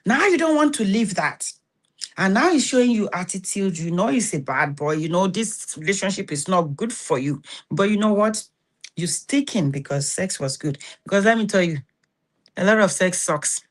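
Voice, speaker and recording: A middle-aged woman with a Nigerian accent hosting a motivational self-help talk, giving blunt, scolding advice and often asking if you understand. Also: fairly low pitch. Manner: blunt, scolding advice with rhetorical check-ins. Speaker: host.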